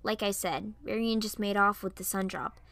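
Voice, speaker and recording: A blunt, gruff young woman of the guard talks down to people with a dismissive edge, as a woman puts her on. The lines come from an amateur storybook reading. The recording is dry and close. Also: medium pitch, steady tone, moderate pace, a bit bright, dry recording.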